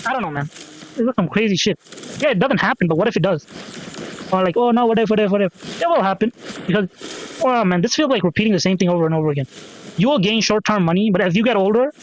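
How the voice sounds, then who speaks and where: High-voiced rambling man podcasting alone. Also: a little hiss or hum, low-quality recording. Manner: rambling, profane, repeats himself with many fillers. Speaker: podcast host. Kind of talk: rambling solo podcast monologue.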